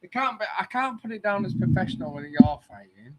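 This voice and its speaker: A man's voice: high-pitched, lively intonation, a little fast, very noisy. A man co-hosting a podcast, teasing and laughing with the others. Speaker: podcast co-host. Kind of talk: casual banter.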